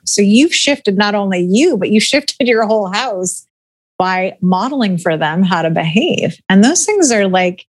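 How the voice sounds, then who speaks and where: A middle-aged woman talking casually as a guest, chatty and laughing often, full of filler words. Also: mid-range voice. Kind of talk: casual podcast conversation.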